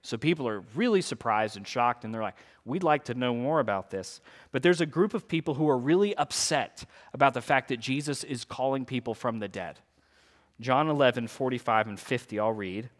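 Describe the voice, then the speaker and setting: A man preaching a sermon, reading scripture aloud and explaining it in an earnest, lively way with casual asides. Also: medium pitch, fairly quick. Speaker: pastor. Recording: long hall reverb.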